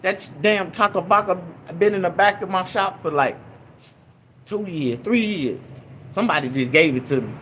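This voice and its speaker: A young man casually telling a rambling, profane story in an animated way. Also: high-pitched, normal speed, slight background noise. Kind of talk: casual anecdote.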